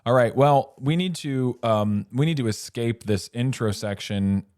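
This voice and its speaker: A man's voice: mid-range voice, a little slow, darkish tone, no room sound, studio quality. A man co-hosting a casual film podcast, rambling through the plot with self-interruptions and chuckling asides. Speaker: podcast co-host.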